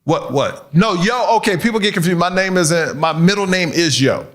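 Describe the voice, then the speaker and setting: A male stand-up comedian doing crowd work in a club, animated and often laughing at his own jokes. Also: high voice, moderate pace. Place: comedy club stage with audience.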